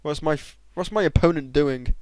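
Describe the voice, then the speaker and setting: Excitable young gamer, smooth voice. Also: male voice, moderate pace, dry recording, poor audio. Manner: excitable, bursts into high shouts. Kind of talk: gameplay commentary.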